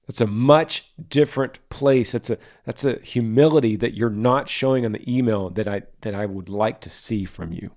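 A man's voice: fairly low pitch, normal speed, hardly any pauses, a little mellow. Folksy man giving blunt advice. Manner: blunt, folksy, mimics voices when reading back. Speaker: podcast host answering listener email. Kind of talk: casual advice chat.

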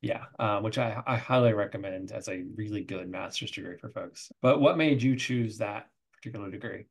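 A woman's voice: rumbling low, normal speed, vocal fry. A woman interviewer and former instructor, friendly and affirming in a casual conversation.

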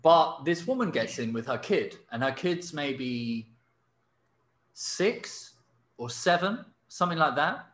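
A podcast host tells a story in casual chat, animated and full of fillers and laughs. His voice is a little high and he takes his time, with a roomy sound to the recording.

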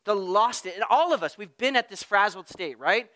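A man preaching a sermon in a conversational way, at times getting loud and at times dropping to a hush. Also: high-pitched, lively intonation, moderate pace. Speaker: pastor.

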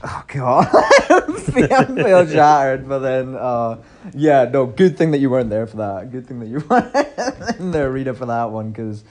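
A man hosting a casual podcast chat, relaxed and rambling, laughing often. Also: medium pitch, normal speed. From Scotland. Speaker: podcast host.

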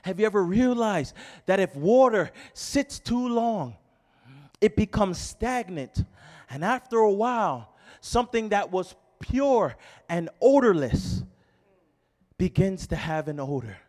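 A man preaching a sermon as pastor, swinging between fervent shouting and quiet storytelling, with repeated rhetorical questions. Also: sits high, very animated, measured pace.

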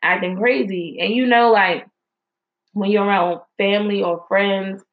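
A young woman telling a story to her viewers, chatty and animated, with slang and lots of fillers. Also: medium pitch, measured pace. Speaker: mom vlogger. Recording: slightly dull lo-fi audio.

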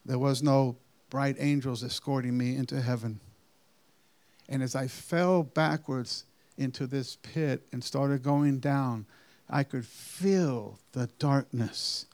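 A man slowly recounting a personal testimony in an earnest way, with deliberate phrasing and halting restarts. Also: medium pitch, a little mellow. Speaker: storyteller giving a personal testimony. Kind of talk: slow, earnest spoken testimony.

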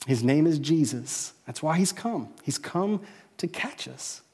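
A man preaching a sermon to a church congregation in a conversational way, often checking in with his listeners with a quick "right?". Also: a little high, animated, mellow, slightly rough, in a large hall. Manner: conversational, peppered with "right?" tag questions. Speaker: pastor. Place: church service with a live audience.

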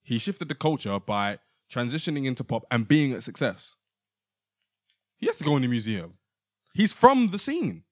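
A man's voice: mid-range voice, big pitch swings, normal speed. A man, a podcast co-host who states confident opinions in casual banter.

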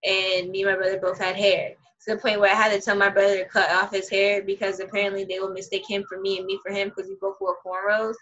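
A young adult woman telling stories in a casual chat over a video call, animated, profane and quick to laugh. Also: mid-range voice. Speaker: conversation partner. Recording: muffled video-call audio.

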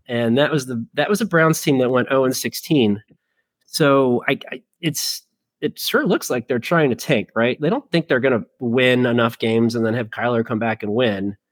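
A man's voice: mid-range voice, normal speed, no echo. Rambling man on a casual podcast. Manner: rambling, self-deprecating, with filler words. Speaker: podcast co-host. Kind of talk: casual chat.

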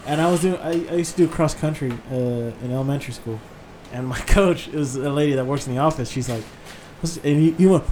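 A man's voice: on the high side, fast talker, crowd noise. A young man co-hosting a podcast in casual chat, crude and joking, laughing through his own stories. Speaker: podcast co-host.

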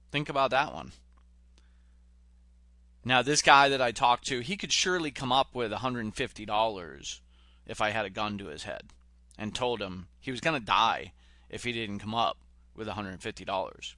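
A man's voice: mid-range voice, lively intonation, moderate pace, pauses often, pushed and bright, dry recording. A man giving a direct, pushy motivational talk as a sales coach. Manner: direct, pushy, retells film scenes.

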